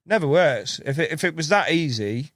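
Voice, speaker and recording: A man's voice: a little high, lively intonation, moderate pace, fairly bright tone, no echo, studio quality. A man chatting as a podcast guest, a rambling storyteller who acts out what people said and laughs often. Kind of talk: casual chat.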